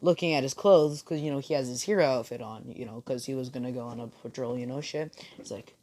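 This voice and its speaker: A man telling a fan story off the cuff, rambling and full of filler words. His voice sits mid-range and drifts between loud and quiet. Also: mid-range voice, quick pace, slight background noise. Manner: rambling, many fillers and swearing. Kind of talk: casual fan-fiction retelling.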